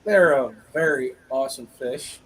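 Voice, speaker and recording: A man's voice: medium pitch, unhurried, husky, rough recording. A man hosting a casual live-stream fish auction, upbeat and loose, talking straight to his viewers. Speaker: auction host.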